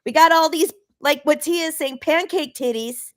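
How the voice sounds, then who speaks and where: A woman's voice: sits high, normal speed. A woman co-hosting a podcast, chatting casually, exclaiming and bursting into laughter. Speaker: podcast co-host. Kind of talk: casual chat.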